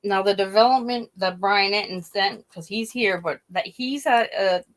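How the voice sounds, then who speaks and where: A woman from Pennsylvania, a YouTuber, chatting casually and telling a story in a rambling, animated way with many restarts. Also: mid-range voice, moderate pace, no room sound. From Scranton, Pennsylvania. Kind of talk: casual chat.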